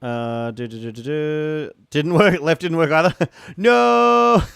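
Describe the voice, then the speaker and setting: A man streaming a game, chatting casually and excitably, greeting viewers and reacting loudly to the action. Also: on the high side, moderate pace, smooth, no room sound, studio quality. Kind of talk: casual live-stream chat while gaming.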